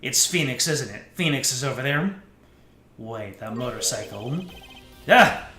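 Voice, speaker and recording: A man's voice: medium pitch, lively intonation, normal speed, sharp tone, reverberant, soft background music. Playful man streaming a game. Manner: playful, joking. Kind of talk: let's play commentary, reading dialogue aloud.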